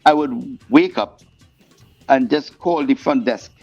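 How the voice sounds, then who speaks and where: A man being interviewed as a guest singer, telling stories in a lively way and acting out the voices of the people in them. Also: medium pitch, slow pace, gravelly. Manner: animated storyteller, acts out quoted voices. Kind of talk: storytelling interview chat. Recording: muffled podcast audio with faint music.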